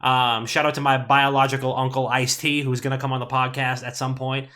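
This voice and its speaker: A male podcast host at an average pitch, talking casually and animatedly. He rambles through stories with lots of filler and cursing. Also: a little fast. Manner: animated, swearing, rambling storyteller.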